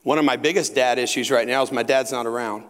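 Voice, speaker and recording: A middle-aged man preaching a sermon, telling personal stories in an animated way and dropping into hushed tones at emotional moments. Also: mid-range voice, fast talker. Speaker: pastor. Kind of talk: sermon with acted anecdotes. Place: large hall at a retreat center. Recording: long hall reverb.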